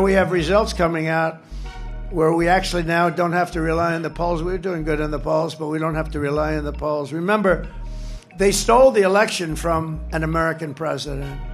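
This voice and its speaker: At a campaign rally, a high-voiced male political candidate speaks into a stage microphone. He rambles off the cuff, hammering points home by repeating short phrases, as faint music plays behind him.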